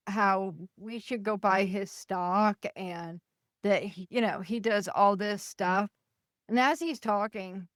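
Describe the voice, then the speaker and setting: A woman hosting a podcast, telling stories in a lively, animated way and acting out the voices of the people in them. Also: mid-range voice, no echo, clean studio sound. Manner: animated, acts out quoted voices. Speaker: podcast host. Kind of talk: casual storytelling.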